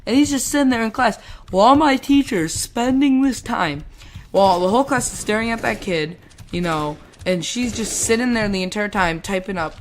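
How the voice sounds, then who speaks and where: A woman's voice: mid-range voice, a little hiss or hum. A woman casually telling a rambling story while playing a game, swearing, laughing and acting out the people in it. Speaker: gamer telling a school story.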